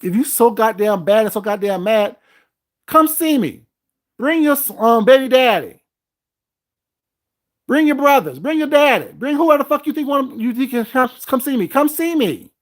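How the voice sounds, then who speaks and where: A man's voice: extremely high pitch, expressive, moderate pace. Heated, profane man ranting on his vlog. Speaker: vlogger host. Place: at home.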